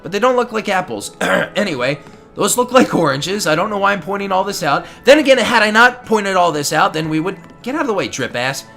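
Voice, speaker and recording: A man's voice: sits high, big pitch swings, brisk, gravelly, a bit bright, faint music behind. A man giving casual, rambling gameplay commentary, amused and talking straight to his viewers. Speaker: let's play commentator.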